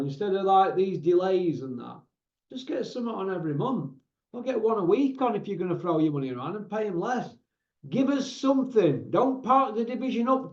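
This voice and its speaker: A man's voice: high-pitched, darkish tone. A man hosting casual boxing commentary, ranting in an exasperated way and tacking tag questions onto his points. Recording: roomy, dull lo-fi sound.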